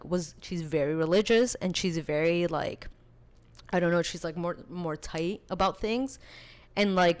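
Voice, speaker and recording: A young woman with a slightly low voice tells a personal story in a loose, chatty way. She fills her sentences with casual fillers and keeps the telling animated. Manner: chatty, animated, full of filler likes, laughs while telling. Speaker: podcast guest.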